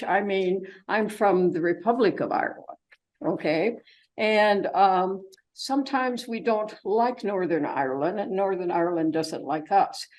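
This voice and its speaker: A woman's voice: mid-range voice, darkish tone, rough recording. Chatty older woman giving a travel talk. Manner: chatty and rambling, with many fillers and asides. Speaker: travelogue presenter. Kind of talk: informal slide presentation to a group.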